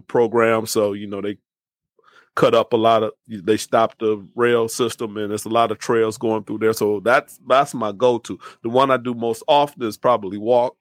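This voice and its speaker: A man's voice: lowish voice, dry recording, studio quality. A man who is a guest on a podcast, chatting in a friendly way, often laughing and restarting his sentences. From Michigan. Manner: warm, laughing, stammers and restarts. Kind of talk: casual interview chat.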